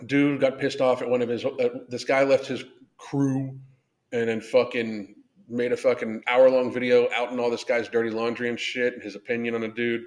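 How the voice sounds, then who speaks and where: A man of middle pitch hosts a live podcast and talks bluntly, swearing often. He rants and reads out viewer chat in a loose, casual way. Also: flat delivery, moderate pace. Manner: profane, blunt, ranting. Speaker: podcast host. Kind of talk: live-stream rant reading chat.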